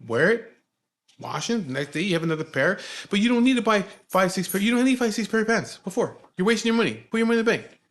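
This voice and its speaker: A man's voice: high-pitched, very animated, voice pushed up, full character voice. A man voicing his strict, hot-tempered father, cursing and scolding with a barrage of questions. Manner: yelling, cursing, scolding rapid-fire questions.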